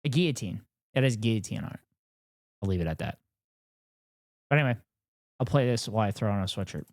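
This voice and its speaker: A man's voice: on the low side, quick pace, dry recording. Give me a joking, foul-mouthed male streamer on a dry desk mic. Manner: profane, animated and joking. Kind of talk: casual live-stream reaction.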